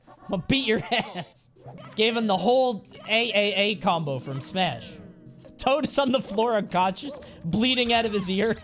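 A man's voice: sits high, animated, unhurried, fairly bright tone, soft background music. A man streaming a game live, talking in a playful, sweary, jokey way. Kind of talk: live gameplay commentary.

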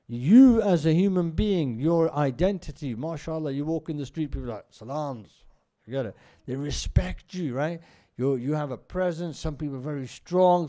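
A man's voice: on the high side, warm tone. A man giving an informal religious lesson, telling stories and often checking in with his listeners. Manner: conversational storyteller, often checks in with "right?". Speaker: religious teacher. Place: mosque.

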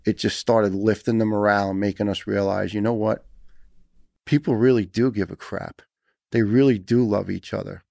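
A man's voice: on the low side, steady tone, moderate pace, vocal fry, darkish tone, dry recording, studio quality. A man in his fifties with a New York accent, talking earnestly and emphatically as a guest on a podcast interview. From United States. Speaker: retired firefighter guest.

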